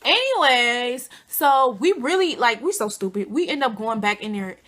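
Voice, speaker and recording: A young woman vlogger telling a casual storytime, animated and slangy, acting out quotes with big jumps in pitch. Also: normal speed. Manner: informal slangy speech.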